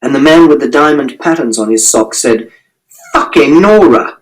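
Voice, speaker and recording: A man's voice: mid-range voice, fairly quick, rough recording. A man narrating an audiobook in the first person, telling events in a literal, matter-of-fact way.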